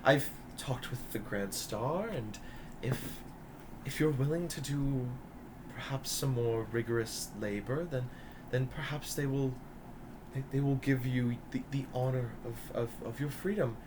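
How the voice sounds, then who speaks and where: A man's voice: medium pitch, measured pace, background noise, pitched below the performer's own voice, lightly acted. A man putting on a coaxing, controlling noble mother. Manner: soft, wheedling, pleading speech.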